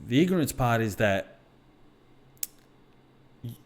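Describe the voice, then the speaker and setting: A man's voice: mid-range voice, expressive, slow. A middle-aged man, talking bluntly and swearing often as a podcast co-host and mindset coach, telling stories from his own life. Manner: blunt, heavy swearing, storytelling. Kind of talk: casual podcast chat.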